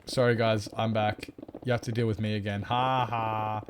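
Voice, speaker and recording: A man's voice: on the low side, level tone, normal speed, a little hiss or hum. A man streaming a survival game, chatting casually, reading chat aloud and drifting into mock-grand asides.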